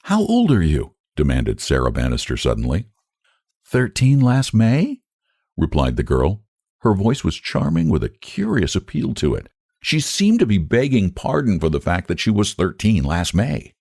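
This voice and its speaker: A man narrates a classic short story in a very low, gravelly voice. He reads in a measured but expressive way, with a wide, lively pitch range. He is close to the mic in a dry room. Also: dry recording.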